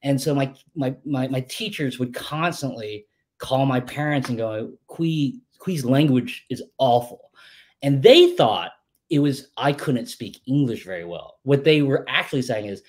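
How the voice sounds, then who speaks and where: A playwright in a casual interview, telling stories in an animated way, laughing often and swearing freely. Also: male voice, medium pitch, normal speed.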